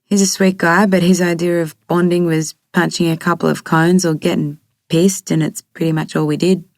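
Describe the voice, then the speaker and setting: A woman's voice: fairly low pitch, little pitch movement, moderate pace, gravelly, a little mellow, dry recording, studio quality. A woman reading as a laid-back young man. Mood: easygoing.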